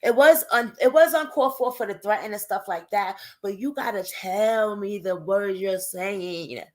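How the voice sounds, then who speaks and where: A woman's voice: mid-range voice, normal speed, darkish tone. A woman hosting a livestream, crying and emotional as she talks openly to her viewers in casual chat. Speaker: livestream host.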